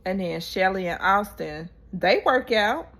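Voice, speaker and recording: A woman vlogger recapping a reality show episode in casual, animated storytelling, acting out what people said. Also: mid-range voice, a little slow. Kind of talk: casual chat.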